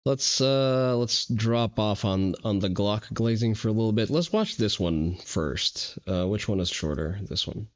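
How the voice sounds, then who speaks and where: A man's voice: lowish voice, lively intonation, measured pace, few pauses, muffled recording. A man streaming and reacting to videos with dry, mocking asides. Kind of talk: sardonic live reaction commentary.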